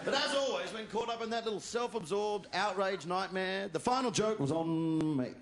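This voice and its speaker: A man performing a stand-up comedy routine, telling stories with animated delivery and shouted punchlines. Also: sits high, moderate pace, noisy background. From Australia. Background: audience laughter.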